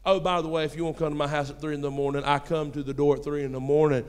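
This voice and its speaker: Preaching very fast in a church sanctuary, a young, high-voiced pastor with a drawl keeps a level tone and sounds clear and resonant. His sermon mixes folksy stories with hushed asides and shouted points, each phrase trailed by long hall reverb.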